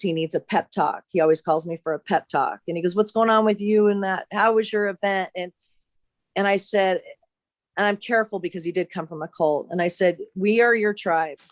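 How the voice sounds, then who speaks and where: A woman telling a long personal story in casual chat, halting with many restarts as she retells what others said. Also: fairly low pitch, fairly even intonation, no echo. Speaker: caller sharing a story.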